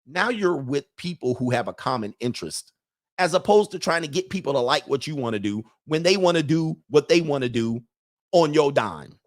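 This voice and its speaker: In a slightly high, expressive voice at a moderate pace, this host offers men dating advice through a blunt, preachy, casual monologue. He laughs at his own points and performs other people's lines in put-on voices.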